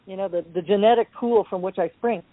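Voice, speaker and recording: A woman guest in an interview, telling her personal story in an animated, wry way and acting out the voices of people in it. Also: mid-range voice, fast, dry recording. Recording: dry, tinny phone-line sound.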